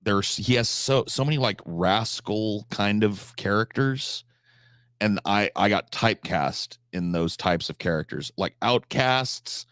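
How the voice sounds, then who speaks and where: Deep-voiced man chatting on a stream. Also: unhurried, a bit bright, no room sound, studio quality. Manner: casual, swears freely, many restarts. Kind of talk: casual live-stream chat.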